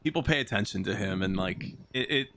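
A man's voice: lowish voice, expressive, fast talker, a bit bright. A man hosting a podcast, asking rambling questions in a loose, casual way. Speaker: podcast host. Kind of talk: casual interview chat.

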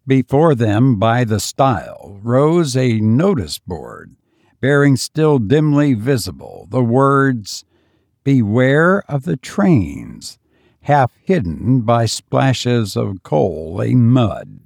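A male narrator reads the story slowly and deliberately, his voice gravelly and low-pitched at its base. His delivery rises and falls with lively range. The recording is close and dry, with no room sound. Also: dry recording. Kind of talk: scripted audiobook narration.

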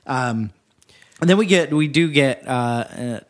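Mid-pitched man recapping a film casually. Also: animated, a little slow. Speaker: podcast co-host.

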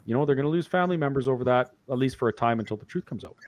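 A man's voice: medium pitch, racing. A man co-hosting a talk show, speaking earnestly and emphatically in casual chat. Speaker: podcast co-host.

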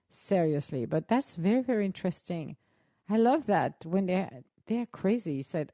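A woman's voice: mid-range voice, normal speed, dark tone, no echo, studio quality. A woman co-hosting a show, chatting casually and animatedly to her listeners with frequent exclamations and laughter. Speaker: co-host.

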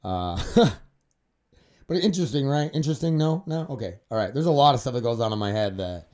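A man talking alone into a podcast mic, at a middling pitch for a man. He rambles loosely from thought to thought, swears constantly and leans on fillers. The delivery is unscripted and casual. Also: lively intonation, fairly quick, a little mellow. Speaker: podcast host. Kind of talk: solo podcast monologue.

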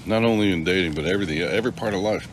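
A man's voice: deep voice, racing, background noise. A middle-aged man hosting a casual live stream, rambling and joking as he greets viewers by name.

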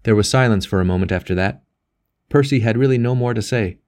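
Measured, low-voiced male narrator. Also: a little mellow. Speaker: audiobook narrator. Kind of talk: audiobook reading.

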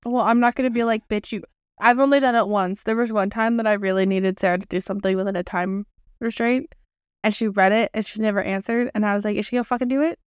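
A woman's voice: medium pitch, steady tone, fast, smooth, no room sound, studio quality. A woman in her twenties chatting casually as a podcast co-host, telling stories with frequent laughs and casual swearing. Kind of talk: casual chat.

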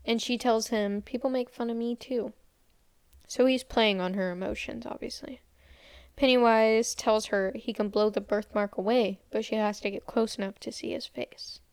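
A woman's voice: a little high, fairly even intonation, normal speed, a little mellow, smooth, no room sound, studio quality. A young woman casually retelling a movie's scenes, quoting characters and saying "like" a lot. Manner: retells scenes with quoted lines, frequent "like". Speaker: podcast co-host recapping a movie. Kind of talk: casual movie recap storytelling.

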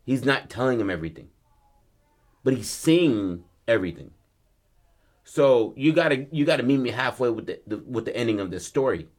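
A man casually pitching a film story, acting out the characters' lines, swearing freely and rambling with restarts. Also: lively intonation, normal speed, darkish tone. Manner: loose, rambling, many restarts and fillers.

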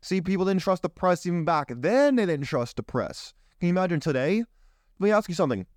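Male host, indignant political monologue, fairly high and smooth voice, dry close mic. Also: animated, brisk, no echo. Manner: indignant, rhetorical questions, rambling. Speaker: show host.

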